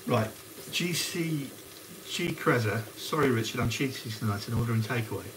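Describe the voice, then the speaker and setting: With a mid-range, expressive voice at normal speed, a man chats casually during his live cooking stream and greets viewers by name. Onions sizzling in a pan add background noise.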